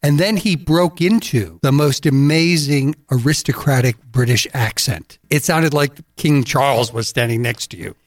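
A man's voice: medium pitch, moderate pace, few pauses, dry recording, studio quality. A man co-hosting a travel podcast, chiming in with brief remarks and quips. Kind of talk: casual chat.

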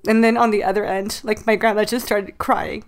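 Speaking at a moderate pace in a level, mid-range voice, a woman in her late twenties hosts a podcast and shares a painful family memory. The casual, tearful telling is full of "like" fillers, and she's near crying.

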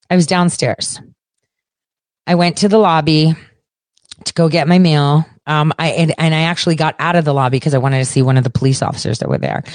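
A woman with a slightly low voice delivers a blunt, profane monologue. Her tone is sarcastic and combative. The recording is dry, with no room sound. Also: no room sound. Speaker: podcast host. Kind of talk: ranting monologue.

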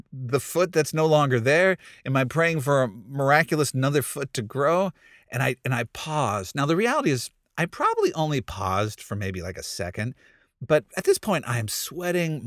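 A man's voice: medium pitch, very animated, moderate pace, fairly bright tone, no echo, clean studio sound. A man who is a pastor, telling a funny story about his own failures in a casual, self-deprecating way and laughing at himself. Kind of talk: storytelling sermon with humor.

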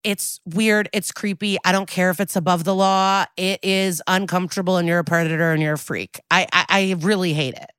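A woman co-hosting a chat podcast, her voice bright and forceful but sitting low. She recaps an episode with blunt opinions and lively asides, recorded close and dry. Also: brisk, hardly any pauses, clean tone, dry recording. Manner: animated storytelling with frequent laughs and asides; blunt and outspoken. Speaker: podcast co-host.

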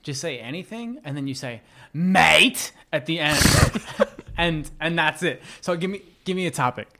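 A young man guest on a podcast, telling rambling stories in a relaxed, casual chat. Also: a little high, normal speed.

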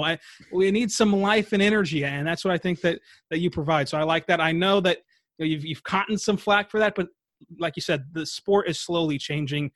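A man's voice: on the high side, fairly quick, a bit bright, no echo, studio quality. A man who is a guest on a sports podcast, chatting enthusiastically. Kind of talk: casual sports podcast chat.

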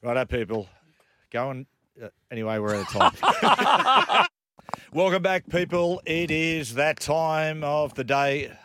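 A man's voice: on the high side, big pitch swings, takes it slowly, sharp tone, slight background noise. A man hosting a radio show, telling stories with laughs and rambling asides. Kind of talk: casual banter and storytelling.

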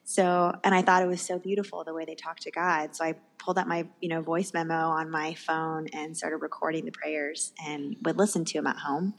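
A woman's voice: deep voice, flat delivery, fairly quick, creaky, hardly any pauses. A young woman speaking candidly and earnestly as a guest, telling her personal faith story.

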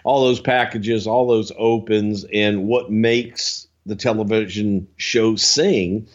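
A man on a casual podcast, animated and swearing freely as he tells a story and slips into quick impressions. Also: lo-fi sound. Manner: animated, swears freely, jumps into high-pitched impressions and singing. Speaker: podcast co-host telling stories.

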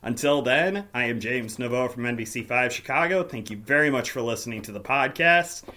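Hoarse, raspy man hosting a podcast. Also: mid-range voice, a little fast, sharp tone. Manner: wry, self-deprecating humor. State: hoarse, voice giving out. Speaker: podcast host. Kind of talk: casual solo podcast wrap-up.

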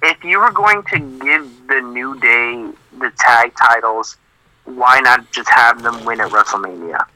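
A man co-hosting a wrestling podcast in a halting way, full of fillers and blunt, dismissive opinions, heard over a thin phone line. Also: mid-range voice, pushed and bright. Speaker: podcast co-host. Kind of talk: casual wrestling opinion chat.

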